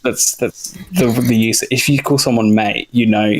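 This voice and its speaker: An Australian man with an Australian accent, a guest on a podcast, chatting in a relaxed, joking way. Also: fairly low pitch, moderate pace, slight background noise, rough recording. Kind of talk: casual podcast chat.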